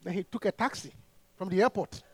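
A man preaching a sermon to a congregation. He is animated, laughs often and rises to shouts. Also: sits high, fairly quick, breathy edge, dry recording.

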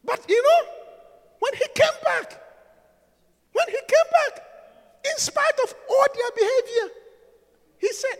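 A man preaching a sermon in a church, swinging from soft talk to shouting and laughing often. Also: very high-pitched, takes it slowly, pauses often, in a large hall.

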